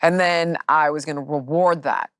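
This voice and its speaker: A middle-aged woman fitness trainer speaks bluntly and with emphasis in a candid chat. Her voice sits fairly low, and the close, dry recording has no echo. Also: steady tone, moderate pace.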